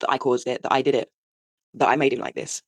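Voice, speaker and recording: A woman's voice: very deep voice, steady tone, fast. A woman in her forties, host of her own show, telling a raw, sweary confession and laughing through the pain. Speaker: podcast host. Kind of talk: candid confessional monologue.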